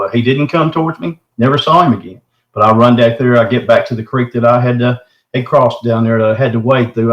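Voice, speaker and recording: A man's voice: mid-range voice, echoey room, muffled recording. A middle-aged man, telling his own encounter story in casual, folksy talk, often saying "man". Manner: folksy, says "man" often, animated retelling. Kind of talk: casual first-person storytelling.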